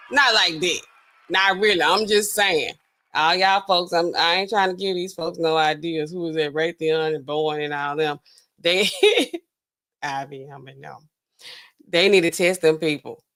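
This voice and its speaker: A woman's voice: medium pitch, sharp tone. A woman hosting a live stream in a loose, slangy, rambling chat, laughing often and talking straight to her viewers.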